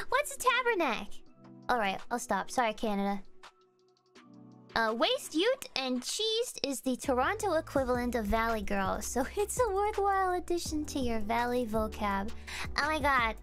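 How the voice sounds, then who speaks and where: A woman's voice: sits high, big pitch swings, moderate pace, fairly bright tone, soft background music. A young woman streamer chatting casually with her viewers, playful and giggly as she reads through a list. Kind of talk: casual livestream chat.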